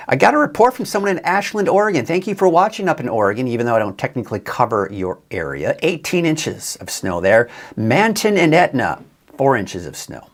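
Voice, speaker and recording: A man giving a casual, chatty live weather forecast as a TV meteorologist, upbeat and a bit tired, with many fillers and restarts. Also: medium pitch.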